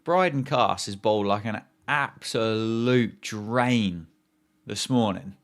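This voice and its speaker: A man's voice: fairly low pitch, slow pace. A man hosting a live cricket watchalong, chatting casually, joking and reacting to play and viewer comments.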